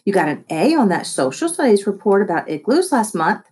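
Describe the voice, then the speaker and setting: A woman's voice: medium pitch, very animated, fairly quick, a little mellow, close to an everyday voice. Woman voicing a wry, level-headed boy. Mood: encouraging. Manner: dry, matter-of-fact. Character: teenage boy, wry, sensible best friend. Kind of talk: audiobook character voice.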